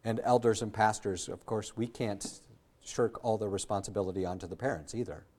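A man preaching an earnest sermon as a pastor, often pausing with fillers and restarting his sentences. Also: on the low side, fairly even intonation, a little mellow.

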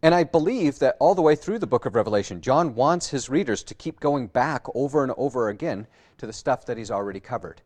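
A male pastor gives a sermon in a medium-pitched voice. He talks plainly to his congregation, stopping on "uh" and going back over his own phrases as he explains scripture. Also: animated, brisk, darkish tone. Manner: conversational, with frequent "uh" fillers and restarts.

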